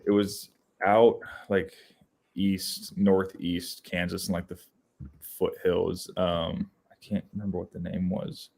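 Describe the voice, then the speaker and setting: A man's voice: deep voice, slow, gravelly. A young man co-hosting a podcast, telling casual outdoor stories with lots of restarts and fillers. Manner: rambling, animated storytelling with many restarts. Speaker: podcast co-host. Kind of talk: casual storytelling chat.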